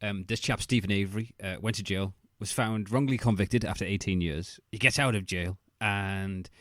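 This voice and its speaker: A man's voice: fairly low pitch, normal speed, fairly bright tone, no room sound, clean studio sound. A man, a young adult, co-hosting a podcast, joking sarcastically and swearing in casual chat. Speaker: podcast co-host.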